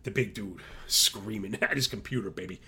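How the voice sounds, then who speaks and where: A man hosting a podcast, talking casually and rambling excitably to his listeners. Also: lowish voice, moderate pace, a little hiss or hum. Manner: rambling, excitable, self-described motor mouth. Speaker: podcast host.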